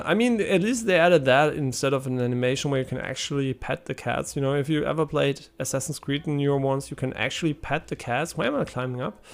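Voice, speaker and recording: A young man streaming live, giving casual gameplay commentary, excitable and swearing a lot as he talks to his chat. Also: fairly high pitch, creaky.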